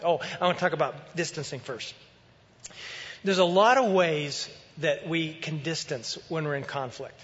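A man preaching a sermon as pastor, in a conversational, animated way. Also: on the high side, in a large hall, muffled recording.

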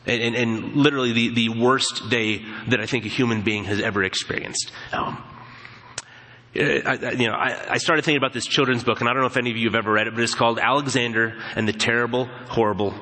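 A male pastor preaching in a large church, relaxed and conversational, slipping into the voices of the people in his stories. His tone is bright and forceful, and the sound rings with a long hall reverb. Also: mid-range voice, quick pace. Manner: conversational storytelling, acting out quoted voices. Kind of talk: sermon.

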